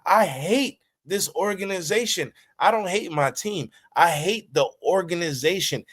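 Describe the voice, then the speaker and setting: A man's voice: measured pace, slightly rough. A man hosting a sports talk show, ranting emotionally after his team's loss, swearing, and reading out game stats. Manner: heated, swings between low mutters and high shouted outbursts, swears freely; reads stats in a flatter, steadier tone. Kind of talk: emotional post-game fan rant.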